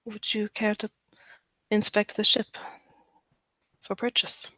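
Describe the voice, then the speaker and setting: A woman voicing a formal, measured Norse seafaring woman in a tabletop game. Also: medium pitch, completely flat delivery, bright, forceful tone, no room sound.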